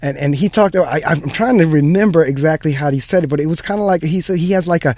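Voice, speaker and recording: A man's voice: fairly high pitch, fast talker, a little mellow, dry recording. A man, an educator hosting an interview, agreeing with his guest and retelling stories. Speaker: host and educator. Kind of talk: conversational interview.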